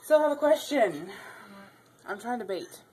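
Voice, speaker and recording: A woman's voice: on the high side, sing-song, moderate pace, darkish tone, a little hiss or hum. A young woman vlogging casually at home on a handheld camera, chatty, giggly and rambling. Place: house, indoors.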